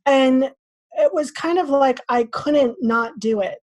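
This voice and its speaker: A woman guest on a podcast, telling a story in a lively way and acting out her own thoughts. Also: sits high, slow, no room sound. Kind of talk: casual interview talk.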